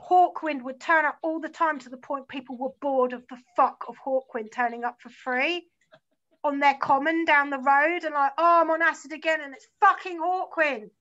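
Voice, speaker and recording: Guest: London woman in her forties, very high and bright, sweary rambling storyteller, muffled lo-fi recording. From South London, England. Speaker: guest musician. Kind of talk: casual chat. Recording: slightly muffled lo-fi sound.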